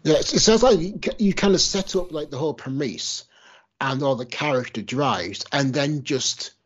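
Husky man, laid-back podcast co-host. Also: fairly high pitch, normal speed. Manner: relaxed, hedging with fillers like "kind of". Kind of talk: casual podcast conversation. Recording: dull lo-fi podcast audio.

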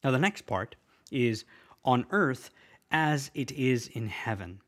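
A man teaching a prayer line by line, repeating each phrase slowly and patiently for the listener to say back. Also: medium pitch, animated, fairly bright tone. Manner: patient, repeats and drills words aloud; slows to spell out the words.

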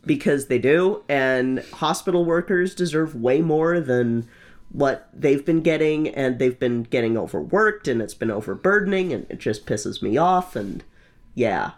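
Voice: medium pitch, expressive, a little slow. A podcast host in casual chat, enthusiastic, laughing often and swearing.

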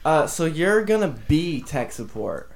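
A man's voice: on the high side, sing-song, measured pace, creaky, a little hiss or hum. A man hosting a comedy podcast, hesitant and full of ums while playing a caller. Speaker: podcast host.

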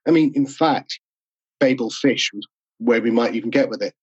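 A man's voice: medium pitch, darkish tone, husky, dry recording, dull audio. A man talking on a video call interview, enthusiastic and explanatory. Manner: enthusiastic, explanatory, quick asides. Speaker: podcast host and interview guest. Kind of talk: casual interview talk.

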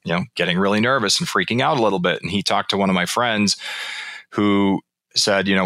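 A man's voice: low voice, brisk, bright, forceful tone, no echo. A man being interviewed about his book, explaining research and telling anecdotes in a conversational way. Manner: storytelling, explanatory, frequent restarts.

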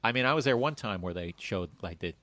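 Podcast host, male, very low voice, quick rambling delivery. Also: expressive, sharp tone, slight background noise. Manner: quick, rambling, self-correcting. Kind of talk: casual chat.

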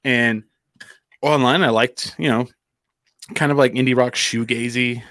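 A man's voice: mid-range voice, fairly even intonation, a little slow, fairly bright tone, dry recording, clean studio sound. A man from New Mexico telling a long story in casual chat, rambling with fillers and acting out quotes.

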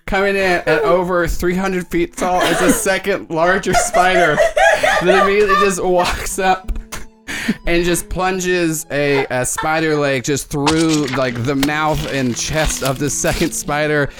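A man's voice: a little high, lively intonation, unhurried, loud music behind the voice. A man narrating as game master, rambling and often breaking into giggles.

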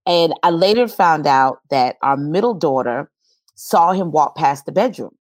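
A woman with a low-pitched voice recounts a personal experience in an earnest, storytelling way. The sound is dry and close, with no room around it. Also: animated, measured pace, no echo. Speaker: guest. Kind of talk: personal testimony in an interview.

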